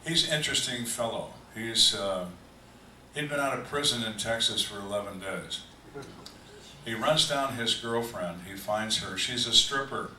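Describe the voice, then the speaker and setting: Older male ex-detective with a low, bright-edged voice, dry and deadpan, heard from a distance in a roomy hall. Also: slight background noise. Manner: dry deadpan storyteller with slow emphatic pauses. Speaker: retired homicide detective telling stories at a fan Q&A. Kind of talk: live storytelling Q&A. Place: event room on a cruise ship, live audience. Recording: echoey room, distant mic, faint ambience.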